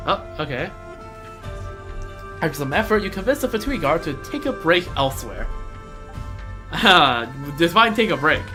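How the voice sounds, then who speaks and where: Casual, joking woman gamer, lively low voice. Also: a little slow, pauses often, over music. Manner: chatty, joking, talks to herself. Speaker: game streamer. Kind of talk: casual gameplay commentary.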